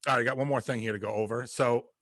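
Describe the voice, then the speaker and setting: A man's voice: mid-range voice, fairly even intonation, very fast, a bit bright, dry recording, studio quality. A man hosting a podcast, chatting in a laid-back, agreeable way and swearing casually. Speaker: podcast host. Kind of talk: casual interview chat.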